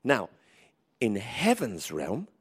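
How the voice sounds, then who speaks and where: A man preaching a sermon in church, lively and emphatic, with frequent restarts. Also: medium pitch, slow, husky. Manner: lively, rising to emphatic calls, with many restarts. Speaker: pastor.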